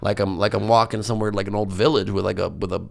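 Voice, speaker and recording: A man's voice: on the low side, fairly even intonation, fast talker, creaky, slight background noise. A man, a comedian guest on a podcast, telling stories in a rambling, self-mocking way with lots of fillers. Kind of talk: casual podcast storytelling.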